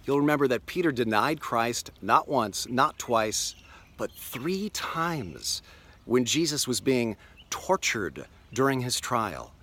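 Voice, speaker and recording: A pastor giving a daily video devotional outdoors on a lakeshore beach, telling the story earnestly and slowing down for emphasis. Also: male voice, medium pitch, expressive, bright, forceful tone.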